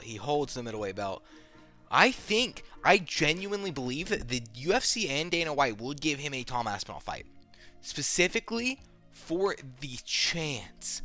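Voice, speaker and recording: A man's voice: mid-range voice, sharp tone. A young man ranting casually as an MMA commentator, rambling, opinionated and swearing often.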